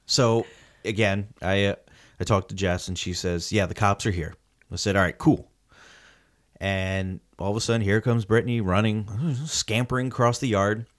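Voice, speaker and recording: A man's voice: on the low side, normal speed. A man telling a story in casual chat, acting out the quotes and swearing freely. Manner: animated storytelling with acted-out quotes.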